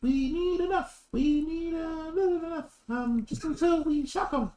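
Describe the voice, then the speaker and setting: A man voicing a sinister cult member who talks in a halting, hissing way. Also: very high-pitched, mellow, voice pushed up.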